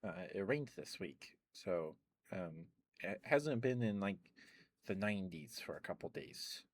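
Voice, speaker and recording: A young man chatting softly at home for an ASMR stream, rambling, laughing often and repeating phrases. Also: sits low, no echo. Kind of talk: soft-spoken ASMR chat.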